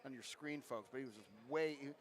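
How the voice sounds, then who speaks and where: A man giving live play-by-play commentary on a college basketball game, getting louder and more excited on big plays. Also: mid-range voice, fast talker.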